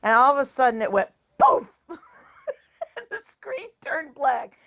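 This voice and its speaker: Slow-talking woman vlogger, laughing often. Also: sits high, very animated, gravelly, fairly bright tone. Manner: laughs often while telling a story, acts out quoted lines. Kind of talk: casual storytelling vlog.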